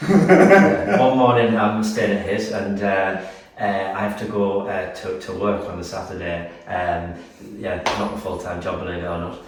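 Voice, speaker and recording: A man's voice: low voice, normal speed, few pauses. A man with a Geordie accent, a band's singer and guitarist, chatting and telling stories with lots of ums and uhs. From Newcastle, England. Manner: rambling, many ums and uhs, laughs through stories. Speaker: band vocalist and guitarist, guest. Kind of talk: casual chat with anecdotes. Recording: roomy, distant mic, audible noise.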